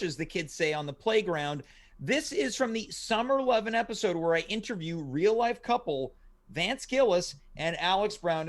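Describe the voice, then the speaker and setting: A man hosting a mock talk show in a deadpan, announcer-like way. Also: high voice. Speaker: host.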